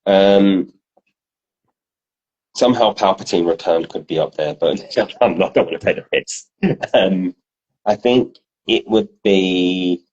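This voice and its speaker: A man co-hosting a podcast, telling stories in a casual, animated way and swearing freely. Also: low-pitched, a little slow, long pauses, muffled recording. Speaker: podcast co-host. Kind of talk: casual chat.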